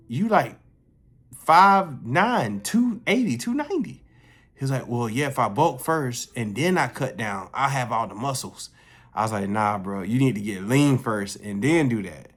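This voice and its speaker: A young man telling a casual story, profane and animated, jumping his voice up high when he quotes others.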